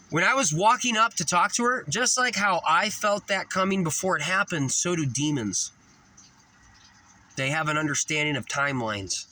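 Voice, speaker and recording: A man's voice: a little high, bright, forceful tone, poor audio. A man telling a rambling spiritual story to camera, cussing now and then and acting out the people in it. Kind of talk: rambling first-person storytelling.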